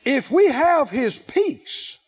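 A male pastor preaching a sermon, emphatic, with drawn-out phrasing and call-and-response. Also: very high-pitched, very animated, muffled recording.

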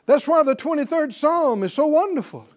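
A man delivers a sermon to a live gathering. His voice sits high and leaps up and down as he preaches with animation. He keeps pressing the audience with questions to draw out their answers. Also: moderate pace. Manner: animated, asks the audience questions for call-and-response. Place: teaching before a live audience.

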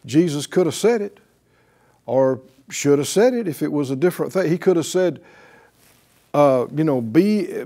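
A middle-aged man teaching the Bible in an emphatic way, slowing down to stress key words. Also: a little high, dark tone. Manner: emphatic, with deliberate slow stresses.

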